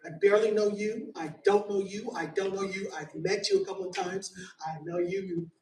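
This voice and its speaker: A man in his fifties from San Francisco, giving a public comment at a meeting, speaking slowly and addressing people in the room directly and playfully. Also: sits high, steady tone, a little mellow. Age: 50s. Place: community center meeting hall. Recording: echoey hall, distant mic, faint noise.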